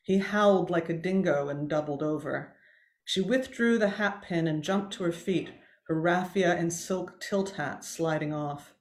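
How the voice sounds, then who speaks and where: A woman author reading a tense scene from her own novel aloud, measured and expressive, with occasional small slips. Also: lowish voice, roomy sound.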